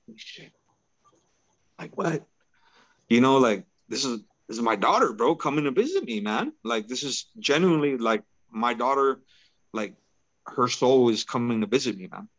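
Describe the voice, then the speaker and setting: A man's voice: medium pitch, lively intonation, moderate pace, fairly bright tone, dry recording, dull audio. Laid-back man telling a story. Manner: laid-back, peppers talk with "bro" and "right?". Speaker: podcast guest. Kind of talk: casual personal storytelling.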